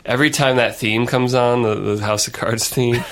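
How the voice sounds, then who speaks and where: Male podcast co-host, mid-pitched, easygoing and quick to laugh. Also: steady tone. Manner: laughs often, loose and joking. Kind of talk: casual chat.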